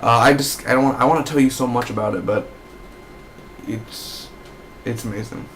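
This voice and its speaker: A man's voice: mid-range voice, moderate pace, fairly bright tone, a little hiss or hum. Young man gushing casually about a film. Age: young adult. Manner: enthusiastic, rambling, swears freely. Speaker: movie reviewer. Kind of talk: casual spoken movie review.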